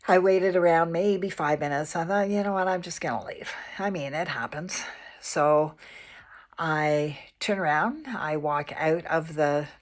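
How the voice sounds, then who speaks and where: A woman calmly telling a personal spiritual anecdote, unhurried and repeating her phrases. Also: low-pitched. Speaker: storyteller.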